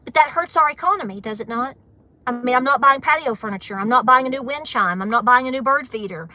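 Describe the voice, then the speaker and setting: Woman, american, live-stream host, chatty and emphatic, crisp bright tone, dry close sound. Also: high-pitched, fast, no room sound. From United States. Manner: chatty, emphatic, repeats points for stress. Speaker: homesteading channel host. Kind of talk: casual live-stream chat.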